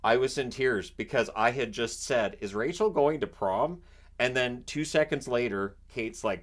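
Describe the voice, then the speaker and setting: A man from Canada chatting casually about a reality show he watches, animated and often restarting his sentences. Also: medium pitch, a little slow. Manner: animated, acts out quotes in raised voice; repeats and restarts words often. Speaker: vlogger. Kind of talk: casual chat.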